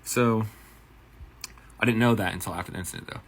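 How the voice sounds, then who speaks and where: A man's voice: lowish voice, fairly quick. A man, a bartender and manager, telling a profane story-time anecdote and acting out the quotes. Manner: profane, animated retelling with acted quotes.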